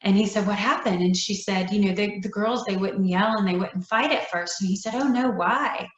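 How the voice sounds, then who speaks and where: A woman, a nonprofit's founder, telling a heartfelt story in an interview, earnest and emotional, dropping to soft near-whispers. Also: mid-range voice, moderate pace, far from the mic. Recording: roomy echo, dull lo-fi sound.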